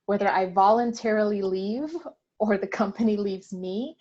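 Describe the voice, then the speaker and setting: A woman speaking in a deliberate, reflective way during a candid discussion on a video call. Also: medium pitch, steady tone, a little mellow, highs cut off. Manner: deliberate, reflective, occasional laughs. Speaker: panelist.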